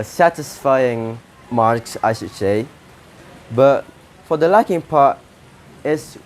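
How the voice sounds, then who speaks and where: A man with an Indonesian accent judging a poetry contest, giving feedback to each contestant in short, halting phrases full of restarts. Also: mid-range voice, a little mellow.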